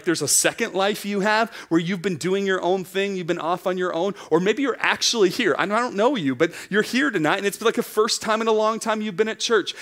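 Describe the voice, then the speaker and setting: A man's voice: sits high, a bit bright. A man preaching a sermon to young adults, earnest and emphatic, building his points through repeated phrases.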